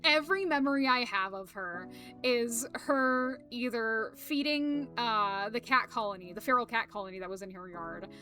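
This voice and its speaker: A woman's voice: fairly high pitch, normal speed, bright, forceful tone, faint music behind. A young woman streaming, chatting casually to viewers, rambling with lots of fillers, laughter and swearing.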